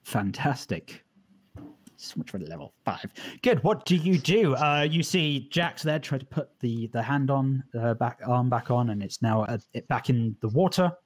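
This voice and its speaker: A man narrating as dungeon master, in a relaxed, rambling way with many restarts, recorded at home for a live stream. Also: mid-range voice, normal speed. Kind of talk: narrating a tabletop game. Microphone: home mic on a live stream.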